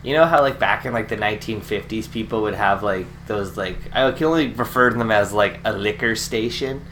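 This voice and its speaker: A man's voice: fairly low pitch, brisk, a bit bright, slight background noise. A young man co-hosting a podcast, chatting casually and rambling with lots of filler words. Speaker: podcast co-host. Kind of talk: casual chat.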